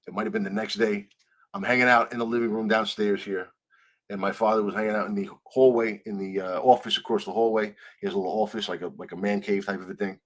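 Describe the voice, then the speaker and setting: A man telling a story in a conversational interview, acting out the people he quotes and swearing freely. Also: on the low side. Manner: animated, acts out quoted dialogue, swears freely. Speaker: guest.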